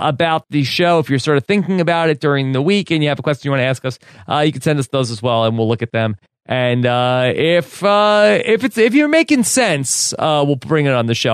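A man hosting a casual TV recap podcast who talks briskly and wraps up segments with plugs for the show. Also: a little high, smooth, no room sound, clean studio sound. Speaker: podcast host.

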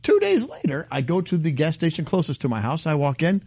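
A man's voice: fairly high pitch, huge pitch swings, brisk, darkish tone, slightly rough, no room sound. A middle-aged man, co-hosting a casual chat and ranting with mock outrage. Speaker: podcast co-host.

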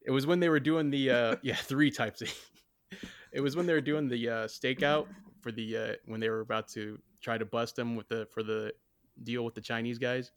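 Man, mid pitch, casual podcast film chat, rambling hesitant storytelling, dry sound. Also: steady tone, moderate pace, no room sound. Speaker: podcast co-host. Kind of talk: casual movie-review chat.

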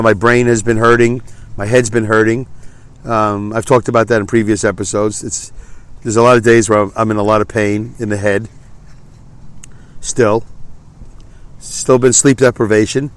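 A man's voice: fairly low pitch, fairly even intonation, normal speed, long pauses, clean tone, no echo. Self-deprecating stuffy-nosed man. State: congested, stuffy nose. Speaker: podcast host. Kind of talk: casual solo podcast monologue.

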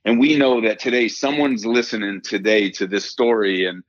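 A man's voice: fairly low pitch, steady tone, moderate pace, no echo, muffled recording. A middle-aged man telling a personal story as a podcast guest, earnest and emphatic, often repeating phrases and saying "man". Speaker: guest, performance coach and former pitcher.

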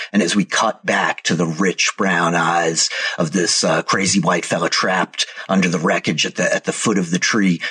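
A man narrating a tabletop game as game master, telling the scene slowly and descriptively. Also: low-pitched, fairly bright tone, breathy edge. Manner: slow, descriptive storytelling.

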